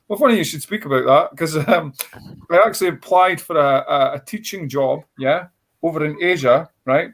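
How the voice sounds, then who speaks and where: A man's voice: a little high, normal speed. A Scottish man in his forties, a comedian telling a rambling, blunt, self-mocking story on a panel show. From Scotland. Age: 40s. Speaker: stand-up comedian.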